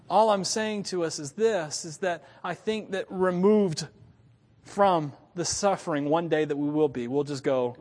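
A man's voice: on the high side, moderate pace, big-room sound. A man in his thirties preaching a sermon as a pastor, telling stories animatedly with frequent chuckles. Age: 30s. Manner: animated storytelling with frequent laughs.

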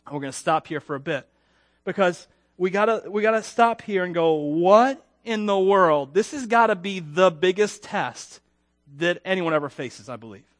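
A man preaching a sermon in a conversational, self-deprecating way, asking the congregation questions, with loud emphatic peaks and quiet dropped endings. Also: sits high, lively intonation, normal speed, no echo, clean studio sound. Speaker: pastor.

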